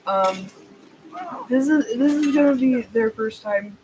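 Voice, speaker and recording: A woman's voice: fairly high pitch, a little slow, background noise. A woman gaming streamer giving casual, rambling, self-deprecating commentary into a desk microphone.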